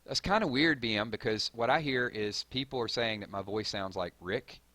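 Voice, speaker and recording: Southern guy hosting a live chat stream, lowish voice, dry mic, gets all hyped and rambly. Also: normal speed, no echo. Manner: excitable, rambling, hyping up the audience. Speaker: gaming channel host. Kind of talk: live stream chat, reading viewer comments.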